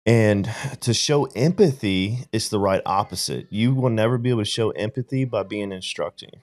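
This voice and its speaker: A man's voice: fairly low pitch, moderate pace, a little mellow. A man in casual podcast conversation, telling a reflective story and often checking in with "right?". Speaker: podcast guest or co-host.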